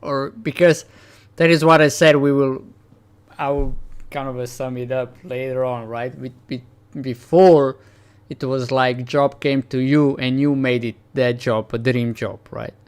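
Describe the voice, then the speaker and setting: A man's voice: medium pitch, fairly even intonation, unhurried, smooth. A man hosting a talk show, conversationally summing up what his guest said. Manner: conversational, summarizing back to guest. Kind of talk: interview questions.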